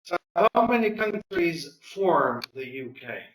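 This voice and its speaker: A man's voice: a little high, big pitch swings, slow pace, reverberant, recorded from a distance, rough recording. A male English teacher leading a classroom lesson, patiently prompting students and repeating their answers.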